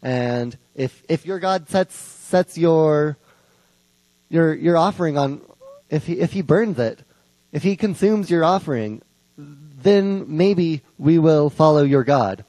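Man doing a blunt confrontational prophet, slightly high voice, mellow tone, dry close sound, casual restarts. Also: animated, slow pace, dry recording, poor audio. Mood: challenging. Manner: plain modern phrasing, stumbling restarts.

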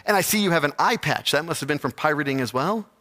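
A man's voice: on the high side, animated, quick pace, pushed and bright, in a large hall, voice pushed up. A man voicing a polite, puzzled male hiring manager who asks his questions hesitantly.

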